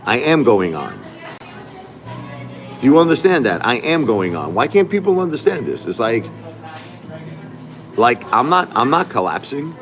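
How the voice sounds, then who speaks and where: A middle-aged man talks straight to his livestream chat, repeating himself for emphasis. His pitch swings widely as he rants, from low grumbles up to sharp protests. Faint music plays under his voice. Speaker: livestream host. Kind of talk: casual livestream talk to chat.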